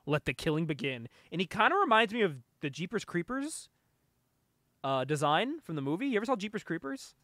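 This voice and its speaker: Young guy chatting comics on a podcast, high lively voice, laughs a lot, dry close sound. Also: brisk, no echo. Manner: animated, laughs often, reads comic dialogue aloud. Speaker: podcast co-host. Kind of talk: casual comic book chat.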